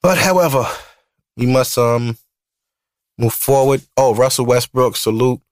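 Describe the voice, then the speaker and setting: A man's voice: medium pitch, a little slow, no room sound, studio quality. A man in his thirties with a Brooklyn accent, hosting a podcast in casual, profane, rambling talk. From Brooklyn, New York. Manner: loose and profane, rambling storytelling. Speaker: podcast host. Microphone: studio mic.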